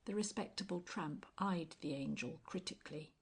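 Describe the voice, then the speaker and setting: Low, breathy woman narrating a story. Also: animated, moderate pace, a little mellow. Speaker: audiobook narrator. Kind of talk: scripted audiobook narration.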